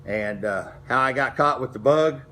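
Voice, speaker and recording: A man's voice: medium pitch, normal speed, bright, forceful tone, slight background noise. A middle-aged man, telling racing stories from his past in a folksy, rambling way, full of restarts. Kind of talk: casual storytelling to camera.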